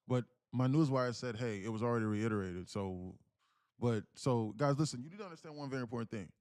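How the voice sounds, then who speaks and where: With a medium-pitched voice at a fairly quick pace, a man casually hosts a live day-trading stream, animatedly reading chat messages out loud, full of slang and the occasional swear word.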